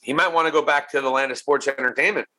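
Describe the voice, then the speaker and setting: A man co-hosting a casual wrestling podcast, animated and laughing, tossing in quick impressions of people. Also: medium pitch, rough recording. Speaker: podcast co-host.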